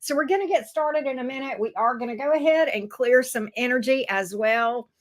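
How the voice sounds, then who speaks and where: A woman's voice: high voice, animated, brisk. A woman hosting a live-stream tarot reading, chatty and folksy, talking straight to her viewers. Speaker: tarot reader, stream host.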